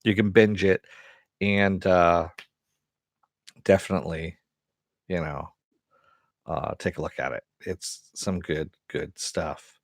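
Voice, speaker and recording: A man hosting a casual spoken review of an animated series, rambling with many fillers, laughing often and swearing with enthusiasm. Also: low voice, slow, vocal fry, pauses often, dry recording, studio quality. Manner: profane and enthusiastic.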